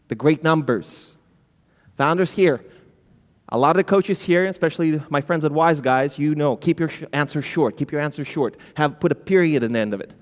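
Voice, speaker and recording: A man giving a conference talk, addressing the audience directly and acting out flustered founders stumbling over filler words. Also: a little high. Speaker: conference speaker. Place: conference hall. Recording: long hall reverb.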